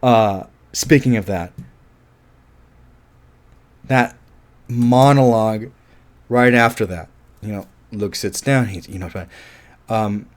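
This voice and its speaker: A man's voice: fairly low pitch, slow pace, pauses often. A man giving a casual, rambling film review, thinking aloud and often restarting his sentences.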